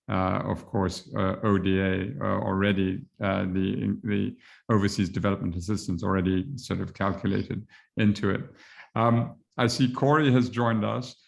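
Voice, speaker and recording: Gravelly, low-voiced male moderator. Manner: hesitant, many fillers and restarts, slow. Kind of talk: hosting a panel conversation.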